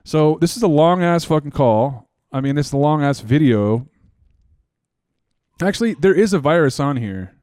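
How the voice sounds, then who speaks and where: Excitable, profane man, fairly high voice. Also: normal speed, no room sound, studio quality. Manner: rambling, profane, excitable storytelling. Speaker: podcast host. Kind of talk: casual chat.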